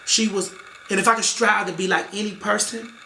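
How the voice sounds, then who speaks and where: A woman's voice: mid-range voice, fairly even intonation, brisk, pushed and bright, slight background noise. A woman guest in an interview telling a painful family story, emotional and emphatic, often repeating herself and acting out what relatives said. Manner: emotional, repetitive, emphatic, acts out quoted relatives. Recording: echoey room.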